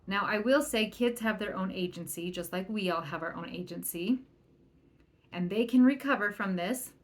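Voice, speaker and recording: A woman's voice: mid-range voice, moderate pace. A woman parenting coach talking through a solo podcast episode, earnest and chatty, acting out the lines of the people she quotes. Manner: earnest, chatty, quotes others in lively bursts. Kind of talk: casual solo podcast talk.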